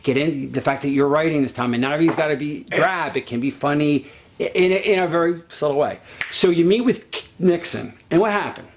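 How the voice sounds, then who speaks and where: A man directing an actor during a take, pushing him along with rapid coaching and demonstrating lines himself. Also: fairly high pitch.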